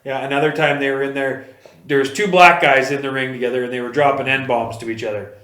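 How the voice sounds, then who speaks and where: A man co-hosting a casual podcast chat, telling stories in an animated way and swearing freely. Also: medium pitch, fast talker. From Canada. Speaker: podcast co-host. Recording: echoey room.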